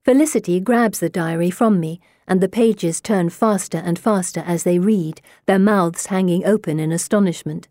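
A woman reads a first-person story aloud with an intimate, even storytelling voice. Her tone is mellow and warm, and the sound is dry and close to the mic. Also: lowish voice, normal speed, hardly any pauses, no echo. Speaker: audiobook narrator. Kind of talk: scripted narration.

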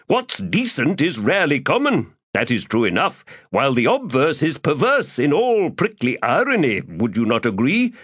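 A man's voice: medium pitch, huge pitch swings, moderate pace, few pauses, fairly bright tone, slightly rough, no room sound, studio quality, voice pushed up, exaggerated voice. A man voicing a pompous, chubby male schemer who speaks in grand archaic phrases and calls himself by name. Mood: theatrical. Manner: grandiloquent archaic speech, refers to himself in third person. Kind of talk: audiobook character voice.

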